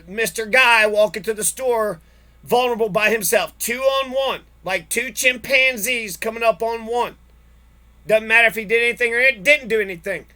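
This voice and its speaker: High bright-voiced man, angry profane rant. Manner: angry, profane, repetitive ranting. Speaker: speaker telling his own story. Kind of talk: angry personal monologue.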